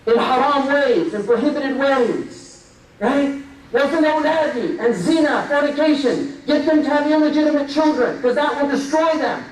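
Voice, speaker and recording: A man's voice: very high-pitched, moderate pace, slight background noise. A man giving an impassioned Friday sermon in a mosque, emphatic and full of rhetorical questions. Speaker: preacher. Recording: echoey hall, mic at a distance.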